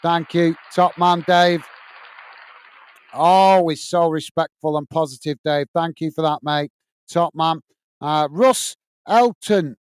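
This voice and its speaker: Slow and clean-toned, with a voice on the high side, this English host runs a live football watch-along. Between commentary on the match he chats warmly through viewers' messages, thanking each by name and calling them mate.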